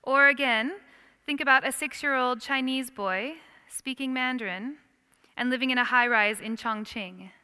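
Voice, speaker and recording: A woman giving a lively Christian lecture on worldviews, questioning her audience as she teaches. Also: sits high, normal speed, smooth. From United States. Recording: long hall reverb.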